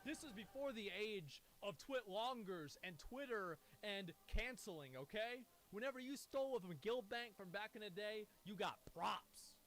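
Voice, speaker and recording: A man streaming, telling a profane, animated story and acting out the quoted dialogue. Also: sits high, normal speed, hardly any pauses, soft background music. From United States. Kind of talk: casual storytelling to stream chat.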